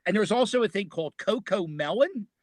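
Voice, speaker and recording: A talkative American man with a Philadelphia accent, chatting as a podcast guest. His voice sits fairly high and swings widely in pitch as he tells stories. The sound is dry and close to the mic. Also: a little fast, no echo. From United States. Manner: animated storyteller, laughs often. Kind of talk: casual chat.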